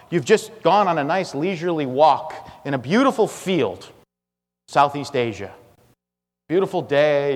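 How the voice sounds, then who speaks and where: A male pastor preaching an expository sermon, with emphatic, repetitive phrasing that swings between loud and hushed. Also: on the high side. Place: church sanctuary. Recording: long reverb of a church hall.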